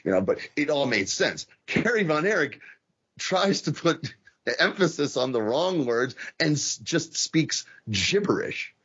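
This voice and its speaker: Man, podcast co-host, husky, casual, swears and laughs, dull lo-fi sound. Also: fairly high pitch, sing-song, measured pace, a bit bright. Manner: swears freely, laughs, mimics wrestlers' promos. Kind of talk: casual chat. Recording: dull lo-fi audio.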